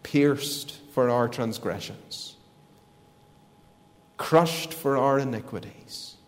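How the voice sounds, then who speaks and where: A man preaching a sermon, deliberate and emphatic, with a lot of repetition. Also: mid-range voice. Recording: long reverb of a large hall.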